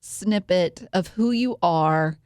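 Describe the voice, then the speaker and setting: A woman's voice: on the low side, takes it slowly, darkish tone, clear, resonant tone, no room sound, clean studio sound. A woman hosting a casual podcast interview, playful and teasing, often laughing. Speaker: podcast host.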